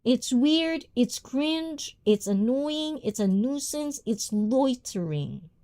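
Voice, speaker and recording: A woman who isn't a native English speaker hosts a livestream, chatting casually and bluntly while reading viewer comments aloud. Her voice is high and dark in tone, and she speaks slowly but animatedly.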